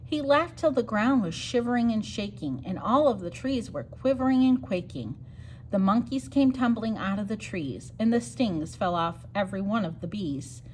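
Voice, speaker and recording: A woman reading a rhyming picture book aloud for storytime, sing-song and expressive. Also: mid-range voice, moderate pace, a little hiss or hum. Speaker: storytime reader.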